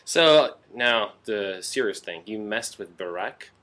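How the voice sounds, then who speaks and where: An easygoing male podcast host chats casually, chiming in with quick yeses. His voice sits somewhat low, relaxed and friendly in tone. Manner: easygoing, laughs along, quick affirmations. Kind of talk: casual chat.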